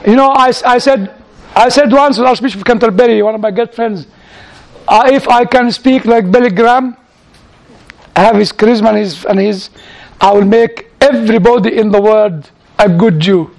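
Mann mit sehr hoher Stimme und fremdem Akzent, erzählt Anekdoten vor einer Gemeinde, wiederholt Wörter und lacht leise. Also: male voice, high-pitched, moderate pace. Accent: foreign accent in English. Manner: storytelling, repeats words, chuckles at his own anecdotes. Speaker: church speaker answering audience questions. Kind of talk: informal Q&A teaching.

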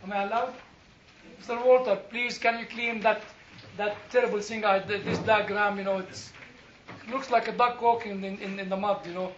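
A man with a high voice, speaking at normal speed, leads a church Bible class in an animated way, asking questions and making jokes at his own expense. A faint hiss or hum sits under the classroom discussion, picked up by a distant, echoey room mic that sounds slightly dull.

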